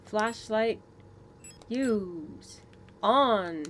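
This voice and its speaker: Slow-talking, higher-pitched woman streamer. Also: lively intonation. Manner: rambling, joking, swears and laughs a lot. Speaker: game streamer. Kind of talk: casual live-stream commentary while playing.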